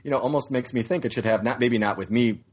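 A man's voice: mid-range voice, fast, breathy edge. A man co-hosting a podcast in casual chat, joking, teasing and rambling. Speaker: podcast co-host.

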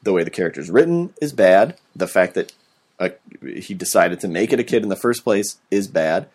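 A man's voice: low-pitched, expressive, moderate pace, a little mellow, husky. A man hosting a casual podcast, talking about films in a rambling, profane way. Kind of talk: casual film chat.

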